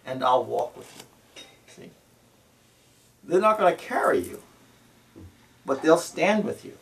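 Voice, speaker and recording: Gravelly-voiced man giving a spiritual talk. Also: a little high, very animated, fairly bright tone. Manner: tags phrases with "See?" and "You know"; slow, deliberate and repetitive. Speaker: spiritual teacher. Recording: voice from a distance to the mic.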